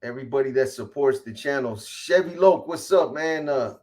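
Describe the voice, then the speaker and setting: A man hosting a casual livestream, reading off viewer names in quick shout-outs and slangy greetings. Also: mid-range voice. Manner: rattles off viewer shout-outs, slangy, calls people boy. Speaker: livestream host.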